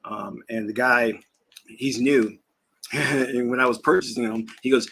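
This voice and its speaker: A man's voice: mid-range voice, steady tone, a little slow, creaky, a bit bright, husky. A man hosting his own channel as a spiritual teacher, chatting in a rambling, casual way and laughing as he talks, at times while eating. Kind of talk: casual vlog chat.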